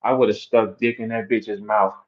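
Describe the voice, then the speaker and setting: A man's voice: lowish voice, steady tone, normal speed, highs cut off. A man hosting an online audio room, ranting aggressively and mockingly with heavy profanity.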